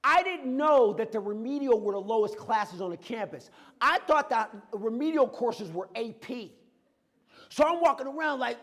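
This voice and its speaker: A man giving a lively, conversational motivational talk about his own life, acting out bits of dialogue as he goes. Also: very high voice, normal speed, big-room sound. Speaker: guest speaker. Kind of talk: motivational personal storytelling talk. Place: campus event hall.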